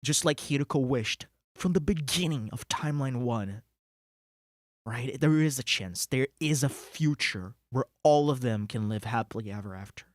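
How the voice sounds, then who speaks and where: An excitable game streamer giving live-stream commentary, thinking aloud, swearing and laughing between words. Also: mid-range voice, moderate pace, no room sound, studio quality.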